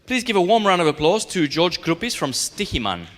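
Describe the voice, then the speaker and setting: A man introducing the next speaker on stage at a conference, upbeat and brisk. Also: sits high, big pitch swings, noisy background. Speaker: conference host. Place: conference hall.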